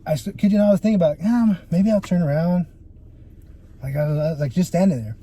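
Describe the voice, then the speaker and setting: A man's voice: sits high, fast talker, slightly rough. A young man telling stories as a guest on a casual podcast, swearing freely and peppering his talk with "dude" and "like.". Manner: animated, profane storytelling with lots of "dude" and "like". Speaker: guest photographer.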